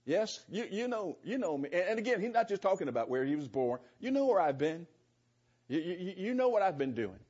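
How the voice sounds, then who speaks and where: A middle-aged man teaching through scripture in an easygoing sermon, his voice a little husky and pitched slightly high for a man. He chuckles often and restarts phrases as he thinks aloud. The recording sounds dull and lo-fi. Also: very animated, fairly quick, a little mellow. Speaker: preacher. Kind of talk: sermon, verse-by-verse Bible teaching.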